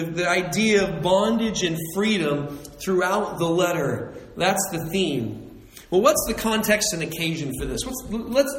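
Animated high-voiced preacher in an echoey hall. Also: male voice. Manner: animated, repeats phrases, acts out quoted voices. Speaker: pastor. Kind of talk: sermon.

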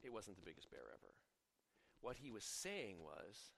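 With a lowish, creaky, slightly bright voice, a middle-aged pastor preaches at a moderate pace in a sing-song manner. He tells stories conversationally and often cuts himself off mid-sentence to start over. The hall adds a long reverb.

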